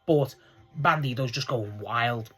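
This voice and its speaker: A young man casually recapping a wrestling show, excitable and rambling, laughing often as he talks. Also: medium pitch, slow, husky.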